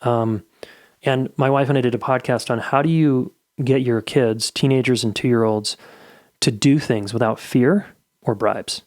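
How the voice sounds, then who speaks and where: A man's voice: medium pitch, fairly even intonation, unhurried, no room sound, studio quality. A middle-aged man hosting a podcast, giving candid, blunt advice in a casual solo monologue and swearing freely. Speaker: podcast host.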